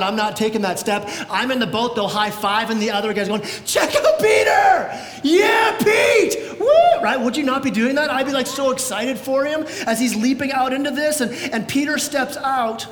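A high-voiced man preaches a sermon in an echoey church with a long hall reverb and a faint rumble behind him. He tells the story in a lively way and acts out voices. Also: fast, hardly any pauses. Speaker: pastor. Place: church sanctuary.

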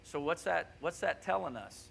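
Gravelly, bright-voiced preacher man. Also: a little high, moderate pace, a little hiss or hum. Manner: animated, keeps asking "right?". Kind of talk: conversational sermon. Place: church.

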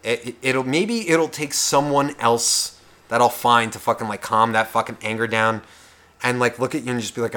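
A young man co-hosting a podcast, ranting in a profane, heated way, swinging between loud outbursts and whispers. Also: mid-range voice, steady tone, normal speed. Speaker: podcast co-host. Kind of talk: casual podcast rant.

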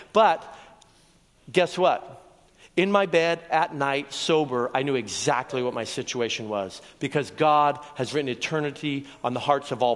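A man from Oregon preaching his testimony to a live audience, storytelling earnestly with asides to the crowd. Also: a little high. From Oregon, USA. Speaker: evangelist preacher. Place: large hall with an audience. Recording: long reverb from a large hall.

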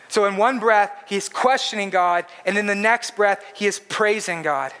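A man's voice: high-pitched, moderate pace, a bit bright. A man preaching a sermon in an earnest, emphatic way, repeating his points for stress. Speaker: pastor.

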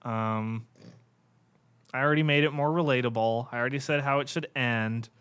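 A man on a comedy podcast, riffing deadpan with many fillers and restarts. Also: mid-range voice, moderate pace, clean tone. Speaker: podcast co-host.

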